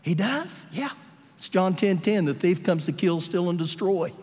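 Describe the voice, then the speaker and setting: A male pastor preaching a sermon during a live church service, telling animated, humorous stories and acting out the voices in them. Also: high-pitched, moderate pace. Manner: animated storytelling, acts out quotes with humor. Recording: live church audio with long hall reverb.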